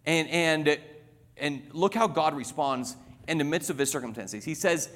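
A male preacher delivers his sermon with emphatic repetition, his voice sitting slightly high for a man. A long reverb trails each phrase, as in a large hall. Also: animated, fairly quick, a bit bright. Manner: emphatic, repetitive, tells illustrations.

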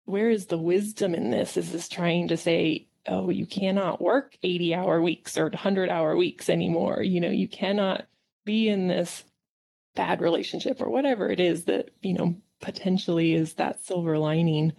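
A woman's voice: fairly low pitch, fairly even intonation, normal speed, gravelly, darkish tone. A woman acupuncturist in casual conversation, reflective and upbeat, often laughing as she talks.

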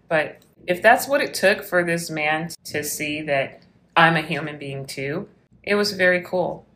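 A woman's voice: sits low, expressive, a little slow, a bit bright, a little hiss or hum. A woman police officer telling a story from her work in an interview, acting out the quoted lines.

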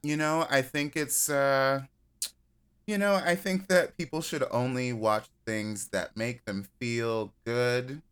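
A man guesting on a podcast in casual chat, joking and rambling in an animated way. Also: medium pitch, smooth.

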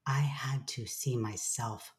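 A woman's voice: a bass voice, steady tone, slow. A woman speaking as a guest in a candid, reflective conversation, swearing casually and acting out her own inner voice.

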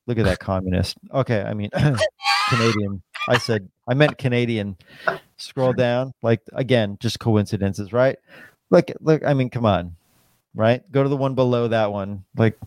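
A man talking loosely on a podcast, his speech full of filler words and swearing, wandering from one point to the next. His voice sits in an ordinary middle pitch. It is picked up close and dry, with no room sound. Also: a little slow, no room sound. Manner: rambling, heavy swearing, lots of "like" and "dude". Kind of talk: casual chat.

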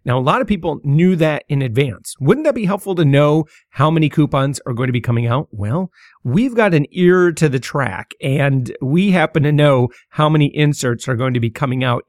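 A man's voice: mid-range voice, gravelly, no room sound, studio quality. A middle-aged man hosting a casual solo podcast, talking with many fillers, stammers and restarts. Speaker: podcast host.

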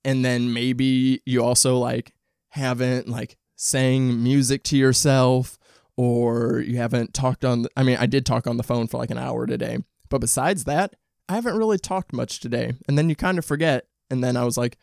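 A male podcast host chats on his own at home in a loose, rambling way, swearing freely and restarting his sentences. His voice is gravelly and his throat sounds dry and rough. The sound is close and dry, with no room echo. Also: medium pitch, fairly even intonation, moderate pace, a little mellow. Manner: rambling, candid and profane, with frequent restarts. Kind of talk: casual solo podcast chat.

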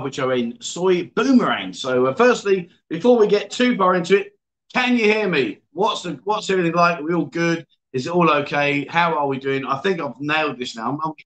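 A chatty man hosts a casual livestream from an indoor venue, greeting viewers by name and reading their comments aloud. His voice sits a little higher than most men's, and his delivery stays upbeat and informal. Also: a bit bright. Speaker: livestream host.

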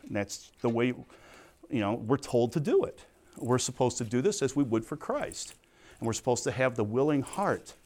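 Male Bible teacher, middle-aged, earnest storytelling sermon voice, mid pitch. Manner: earnest storytelling, swings between soft and emphatic.

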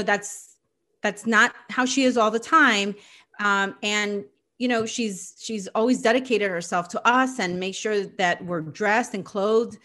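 A middle-aged woman giving a reflective explanatory talk on psychology in a measured, gentle way, often pausing with filler phrases. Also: medium pitch.

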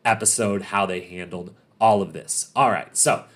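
A man hosting a casual recap podcast, talking in an animated, emphatic way and repeating points for stress. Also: sits low, normal speed. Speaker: podcast host recapping a reality show.

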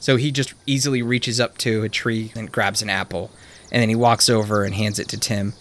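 A man narrating a tabletop game as game master, casual, with quick asides. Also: fairly low pitch, fairly even intonation, a bit bright.

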